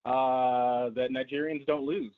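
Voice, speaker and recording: A man's voice: mid-range voice, fairly even intonation, slow. A man calling in as a co-host over the phone, with an easygoing, dryly joking way of talking. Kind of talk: phone-in sports chat. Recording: tinny phone line.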